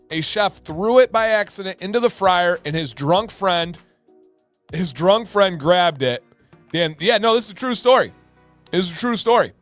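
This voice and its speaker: A talkative man hosting a livestream, upbeat and energetic, who repeats words when he wants to stress them. His voice sits a little higher than most men's. The sound is dry and close, with faint music behind him. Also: dry recording. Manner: energetic and chatty, repeats himself for emphasis. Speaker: livestream host. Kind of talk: casual livestream chat.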